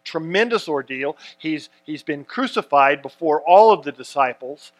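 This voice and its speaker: A man's voice: on the high side, lively intonation, normal speed. A man preaching a sermon, reading scripture and stressing key words earnestly, with frequent restarts. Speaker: pastor.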